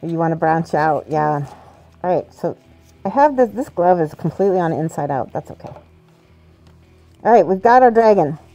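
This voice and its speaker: A woman's voice: on the low side, animated, moderate pace, gravelly, long pauses, dark tone, soft background music. A woman hosting a livestream, chatting casually while she works, thinking aloud and laughing often. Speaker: livestream host painting models. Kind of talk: casual chat while working.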